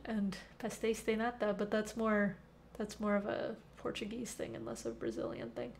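A woman's voice: mid-range voice, very animated, moderate pace, slight background noise. A young woman hosting a casual live coding stream from home, reading chat aloud and answering questions with plenty of fillers. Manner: chatty, reads chat aloud, many fillers. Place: temporary home. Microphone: headphones with mic.

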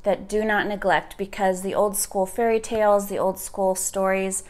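A woman's voice: mid-range voice, little pitch movement, moderate pace. A woman, a homeschooling mother, chatting casually and eagerly about picture books and holding them up for the camera. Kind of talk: casual book recommendation chat.

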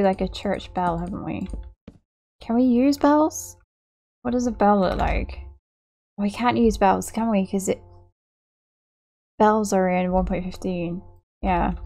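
A woman's voice: fairly low pitch, mellow. A young woman giving gameplay commentary as a channel host, apologetic and self-mocking, often laughing at her own work.

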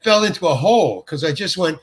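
An older male actor spins stories in an interview, breaking off and starting over as he chuckles through them. His voice is husky and sits a little high for a man. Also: animated, quick pace. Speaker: actor guest. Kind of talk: anecdotal interview storytelling.

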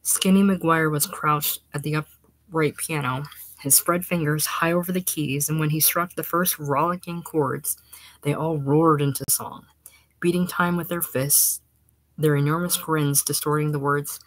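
A woman with a notably low voice reads a short story aloud in a steady, even narration. Her delivery sometimes drops to a hushed near-whisper. The recording is close and dry, with no room sound. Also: a little slow, no room sound. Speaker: reader.

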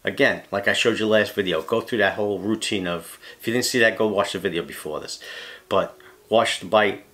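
A man walks through his fishing technique in a casual, no-nonsense way. His voice sits on the low side but comes across forceful and bright, and he keeps punctuating his steps with "all right?". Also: a little fast. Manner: blunt, says "all right?" after nearly every point. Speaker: fishing guide. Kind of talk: casual how-to demonstration.

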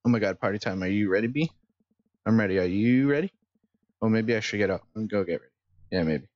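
A man's voice: fairly low pitch, fast talker, long pauses, a little mellow. A man hosting a gameplay video, making laid-back, mumbly asides between reading lines. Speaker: gaming video host. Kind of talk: casual gameplay commentary. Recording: dull dry game capture with music.

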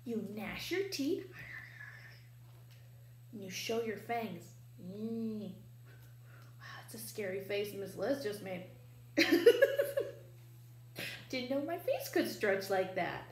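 A playful woman librarian reads a children's picture book, asking the children questions as she goes. Her voice sits a little high and swings widely in pitch. The library room is echoey, with a faint hum behind her. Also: darkish tone. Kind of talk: children's storytime reading.

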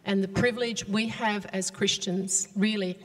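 Even-voiced woman in a church hall. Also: mid-range voice, normal speed. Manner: soft-spoken, heartfelt. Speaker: departing church member. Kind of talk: farewell speech in church. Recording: long church hall reverb.

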